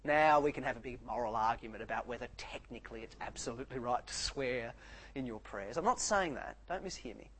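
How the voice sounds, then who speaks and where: A man preaching a sermon, swinging between soft, quiet lines and loud, animated outbursts. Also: medium pitch, a little fast, husky, low-quality recording.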